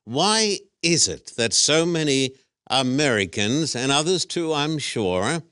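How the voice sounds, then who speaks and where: A man hosts an interview as a pastor, in a measured voice. He asks pointed rhetorical questions. The recording is dry, with no room sound. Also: on the high side, lively intonation, fairly bright tone, clear, resonant tone, dry recording.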